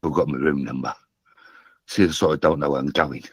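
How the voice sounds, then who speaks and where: A groggy man with a husky voice on a phone call, confused, rambling, repeating himself and swearing. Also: extremely low pitch, fairly even intonation, brisk, no room sound.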